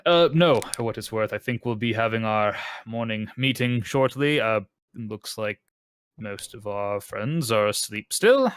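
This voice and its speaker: A man's voice: fairly low pitch, lively intonation, unhurried, fairly bright tone, clean tone, dry recording. A man talking in character as a tabletop roleplaying player, playful and teasing.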